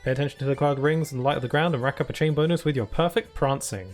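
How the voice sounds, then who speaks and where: A man's voice: on the high side, fast talker, darkish tone, soft background music. A British man chatting casually while streaming a video game, laughing often and reading chat and on-screen text aloud. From United Kingdom.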